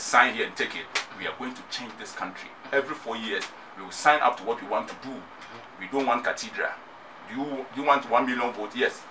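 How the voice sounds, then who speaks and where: Ghanaian man, low-pitched and fast, emphatic guest in a radio studio, heard from a distance over noise. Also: bright, forceful tone. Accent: Ghanaian English. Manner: emphatic, repetitive rhetorical speech. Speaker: musician and activist guest. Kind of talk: radio interview. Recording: distant mic, noisy studio.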